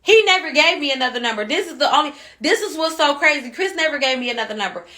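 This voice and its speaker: High, bright-voiced furious mother. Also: lively intonation, quick pace. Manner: heated, cussing, repeats herself. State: upset and angry. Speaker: mother speaking on social media. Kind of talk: angry social media rant.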